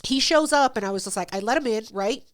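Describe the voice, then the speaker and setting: A woman's voice: fairly high pitch, fast talker, slight background noise. A woman hosting a podcast, telling a story in casual, profane chat and acting out both sides of it. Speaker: podcast host.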